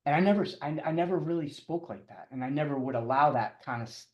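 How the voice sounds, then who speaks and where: A middle-aged man telling his story as a podcast guest, halting and restarting often, with chuckles. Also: fairly high pitch, echoey room. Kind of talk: casual storytelling interview.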